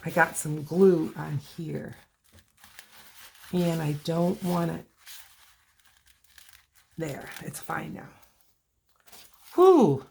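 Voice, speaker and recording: A woman's voice: sits low, level tone, extremely slow, gravelly, long pauses, darkish tone, husky. A woman hosting a casual crafting video, chatting and talking to herself while she works on a journal.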